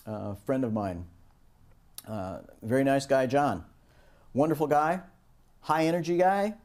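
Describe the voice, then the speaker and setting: Man telling a lecture story, dark tone. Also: medium pitch. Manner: animated anecdotes. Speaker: course instructor.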